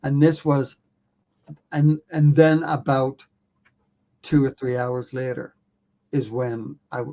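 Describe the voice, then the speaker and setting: Male podcast guest, mid-pitched, a casual and self-mocking storyteller who swears offhandedly. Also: little pitch movement, takes it slowly, dark tone. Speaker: podcast guest, documentary filmmaker.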